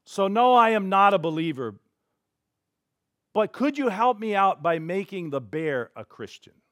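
A man's voice: high-pitched, big pitch swings, measured pace, fairly bright tone, dry recording, pitched above the performer's own voice, exaggerated voice. A man playing a frightened, proud atheist who cries out in panic, told as part of a sermon story. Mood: earnest.

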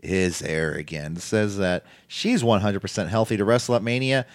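A man's voice: on the low side, fairly quick, no room sound. A man casually recapping a show to a co-host, acting out quoted lines as he goes. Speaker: podcast co-host. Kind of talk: casual wrestling recap chat.

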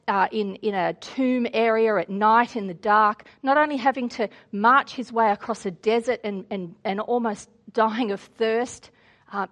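A woman preacher giving a sermon, telling and reading a story in an earnest, reflective way. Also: a little high.

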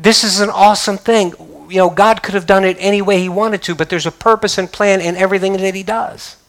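A man's voice: high voice, steady tone, a little fast. An older man preaching a sermon as pastor, emphatic, with frequent hallelujahs. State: choked up.

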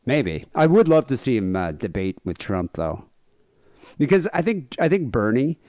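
A man co-hosts a podcast, rambling through casual comedic chat packed with fillers and jokey asides. His mid-range voice is slightly mellow and sing-song at a moderate pace, captured in a dry, clean studio recording.

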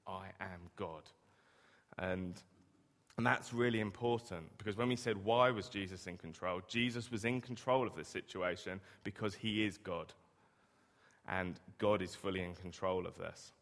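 A man with a low, fairly bright voice preaches at normal speed with fairly even intonation. His sermon is conversational and full of rhetorical questions, echoing with the long reverb of a hall.

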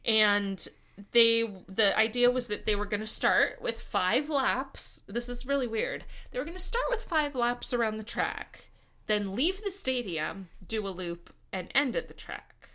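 A woman's voice: fairly high pitch, lively intonation, a little slow, bright, forceful tone. A woman co-hosting a podcast, telling a history story in a casual, chatty way with frequent laughs and fillers. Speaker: podcast co-host.

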